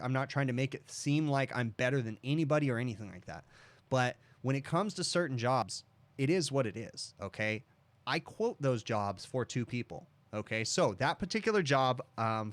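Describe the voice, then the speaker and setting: A man's voice: medium pitch, no echo. Chatty man telling a rambling story. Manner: rambling storyteller, says "okay?" often. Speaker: livestream host, HVAC technician. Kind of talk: casual livestream chat.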